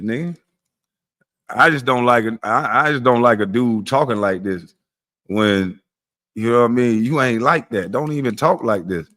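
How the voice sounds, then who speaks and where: A man's voice: mid-range voice, fairly bright tone. A man streaming a blunt, mocking rant, full of profanity, talking straight to his chat. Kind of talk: ranting monologue on a live stream.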